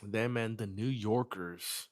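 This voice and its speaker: A man's voice: on the low side, slow. Profane, casual man on a livestream. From New York. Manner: loose and profane, reads chat aloud. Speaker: livestream host. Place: home in Texas.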